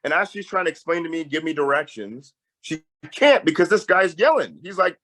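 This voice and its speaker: A young man, a peace campaigner, telling a story in a lively conversational way. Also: on the high side, fairly quick, poor audio. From Tacoma, Washington. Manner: animated storyteller, voice jumps up when excited.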